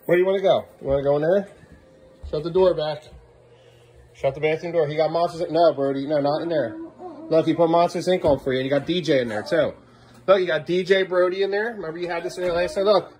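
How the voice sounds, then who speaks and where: A man's voice: a little high, quick pace, a little mellow, a little hiss or hum. A man, a father, talking casually to his kids at home in a vlog and scolding them firmly and repetitively. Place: family home, indoors.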